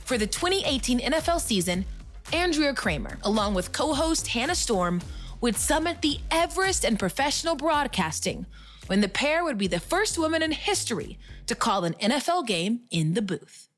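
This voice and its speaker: A woman's voice: fairly high pitch, big pitch swings, faint music behind. A woman narrating a documentary in a polished, scripted style. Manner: polished, measured.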